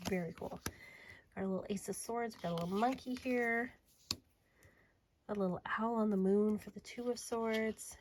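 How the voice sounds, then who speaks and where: A woman's voice: medium pitch, normal speed, long pauses, a little hiss or hum, low-quality recording. Chatty woman showing tarot decks. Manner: chatty and enthusiastic, drifting to soft murmurs while handling cards. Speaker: tarot reader and deck reviewer. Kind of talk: casual show-and-tell video.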